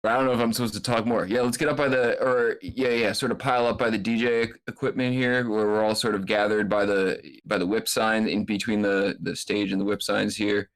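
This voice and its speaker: A man's voice: lowish voice, fairly even intonation, fairly quick, hardly any pauses. A man hosting casually, joking and rambling with hesitant restarts. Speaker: host. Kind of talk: casual chat.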